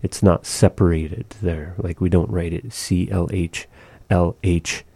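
A man patiently teaching the pronunciation of a language, demonstrating each sound slowly and explaining how it is made. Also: deep voice, steady tone, gravelly, a little mellow, husky, dry recording.

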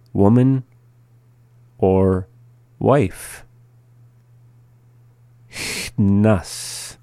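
A man with a very low, mellow voice leads a language lesson. He speaks very slowly and patiently, repeating each word so listeners can follow. The sound is close and dry. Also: no room sound. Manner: slow, patient, repeats words for practice. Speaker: language teacher. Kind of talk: slow spoken language lesson.

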